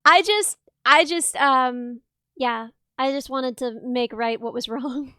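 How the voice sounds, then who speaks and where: A woman chatting casually on a live stream, lively and encouraging, close to a desk microphone. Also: high-pitched, slow, smooth, no room sound.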